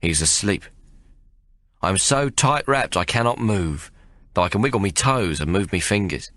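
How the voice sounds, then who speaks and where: A man narrating an audiobook in the first person, in a rough working-class storyteller's dialect. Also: fairly low pitch, animated, moderate pace, fairly bright tone, no room sound, clean studio sound.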